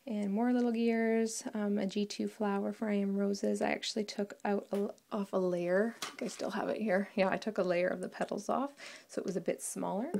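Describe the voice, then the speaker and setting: A woman's voice: medium pitch, fairly even intonation, a little fast, gravelly, darkish tone. A woman casually walking through a craft project, chatty and rambling and often correcting herself.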